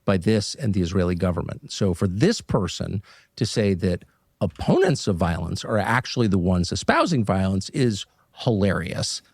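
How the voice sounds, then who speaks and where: A male commentator speaking with impassioned, moralizing force, his fairly low voice rising and falling widely. The sound is dry and close. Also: animated, moderate pace, creaky, darkish tone, slightly rough, dry recording. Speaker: podcast commentator. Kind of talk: political commentary.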